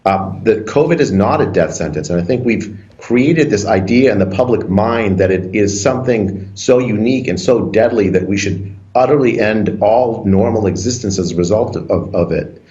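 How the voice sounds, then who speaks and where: Hesitant low-voiced male doctor, dull audio. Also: normal speed, few pauses, dark tone. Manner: hesitant, many restarts. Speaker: doctor guest. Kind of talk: TV interview.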